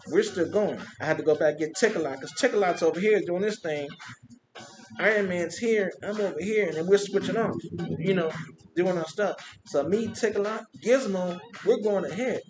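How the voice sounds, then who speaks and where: A man who works as a street performer, telling animated stories from a parade in a casual monologue, with vocal sound effects. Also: high voice, normal speed, over music. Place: Compton.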